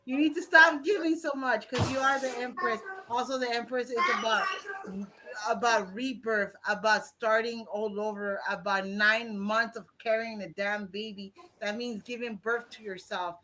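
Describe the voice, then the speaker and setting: A woman's voice: fairly high pitch, steady tone, moderate pace, background noise. A woman with a Mexican accent giving a blunt, profane, rambling tarot reading on a live stream. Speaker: tarot reader.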